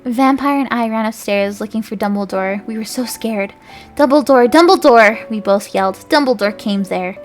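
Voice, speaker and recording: A woman's voice: mid-range voice, normal speed, hardly any pauses, soft background music. A woman streamer reading fanfiction aloud, giggling and stumbling over the words.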